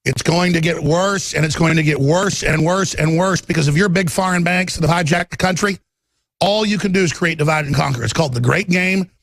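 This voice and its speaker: Gravelly, raspy man ranting fervently. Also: a little high, a little fast, a bit bright, no room sound. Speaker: political commentator. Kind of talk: political rant.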